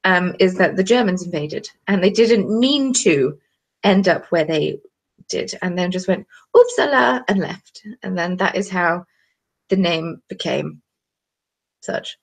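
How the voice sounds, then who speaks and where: Young woman, casual live chat, excitable, gravelly fry. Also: on the low side, measured pace. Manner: chatty, bubbly, excitable. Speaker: craft channel host.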